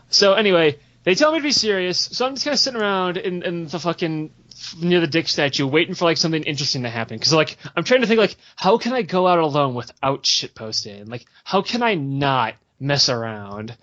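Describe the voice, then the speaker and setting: A young man spins a rambling, profanity-laced story with loose giggles, his voice sitting a bit high for a man. The audio is dull and lo-fi. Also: very animated, fast talker, fairly bright tone. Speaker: podcast host. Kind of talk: casual storytelling chat.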